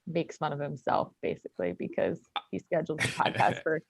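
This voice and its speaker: A woman's voice: low voice, big pitch swings, a little fast, gravelly, no echo. A woman co-hosting a podcast over a video call, teasing her co-host playfully. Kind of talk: casual podcast banter.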